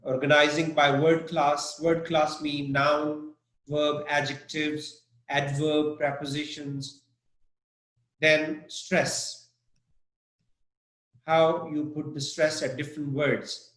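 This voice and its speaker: A man teaching an English vocabulary lesson live online, explaining slowly and deliberately and often checking in with his students. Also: on the high side, flat delivery, a bit bright. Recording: echoey room.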